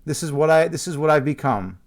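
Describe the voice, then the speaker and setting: A man playing a washed-up Strawberry Shortcake who has fallen on hard times, complaining slowly and mournfully. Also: on the high side, animated. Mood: gloomy.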